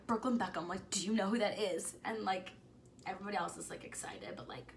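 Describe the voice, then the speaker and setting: Over crowd noise, a young woman vlogger tells a story in casual chat, excited and gushing. She talks fast in a mid-range voice, peppering her speech with "like" and dropping into whispers.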